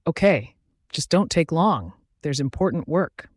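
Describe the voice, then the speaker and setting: A man voicing a young she-wolf woman, anxious and tender, speaking softly and pleadingly. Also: on the high side, big pitch swings, normal speed, dry recording, clean studio sound. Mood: playful.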